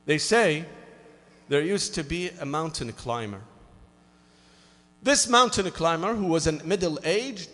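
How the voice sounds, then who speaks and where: A man's voice: on the high side, slow, long pauses, long reverb tail. A man who speaks English as a second language, preaching a sermon as he tells a story with lots of "you know" fillers. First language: Arabic. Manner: animated, acts out both sides of a dialogue, frequent "you know" fillers.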